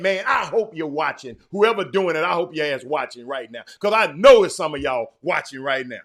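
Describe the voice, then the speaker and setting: A man's voice: fairly high pitch, expressive, normal speed, gravelly, few pauses, fairly bright tone. A man hosting a live-streamed sports talk show, ranting emphatically, repeating himself and calling out to his viewers. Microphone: streaming mic.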